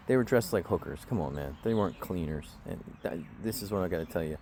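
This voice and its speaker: This casual rant comes from a vlogger outdoors in the woods, bluntly recounting a long grievance to the camera and swearing often. His low voice is expressive, fast and darkish, over slight background noise.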